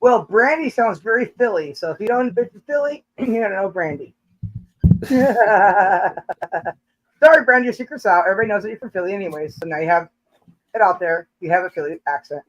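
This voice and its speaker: A woman's voice: mid-range voice, fairly quick, muffled recording. A woman hosting a casual live chat, joking and teasing, laughing often between lines. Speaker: livestream host.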